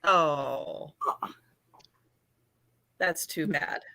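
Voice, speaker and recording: A woman's voice: sits low, very slow, pushed and bright. A woman hosting a live online sale, presenting items on a video call. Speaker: host selling vintage photos.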